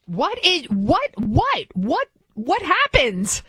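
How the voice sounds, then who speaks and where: A woman's voice: high voice, huge pitch swings, slow, very noisy. A woman hosting a political commentary show, delivering an opinionated monologue full of rhetorical questions and restarts.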